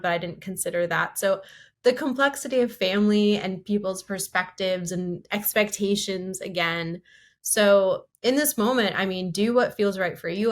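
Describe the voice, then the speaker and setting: A woman co-hosting a casual podcast, telling a personal story in a candid, animated way. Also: fairly low pitch. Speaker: podcast co-host.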